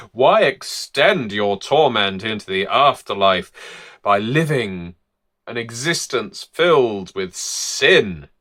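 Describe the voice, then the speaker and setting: A man voicing a fiery male evangelical preacher who exhorts sinners to repent in booming, drawn-out cries. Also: pushed and bright.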